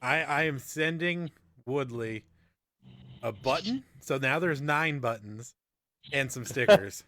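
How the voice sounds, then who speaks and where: A man hosting a casual chat, relaxed and laughing often. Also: medium pitch, slow pace, no echo. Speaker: podcast host.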